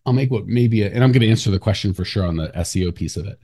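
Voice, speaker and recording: Loose-talking male podcast host, low voice. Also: very fast, mellow. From United States. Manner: loose, talky, laughs often, lots of fillers. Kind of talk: casual podcast chat.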